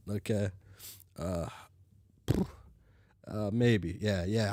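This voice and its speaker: A man streaming as he reads a webcomic aloud, talking casually, often halting and stammering. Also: fairly low pitch, expressive, dark tone, no room sound, studio quality. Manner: halting, stammers and restarts, mutters to himself.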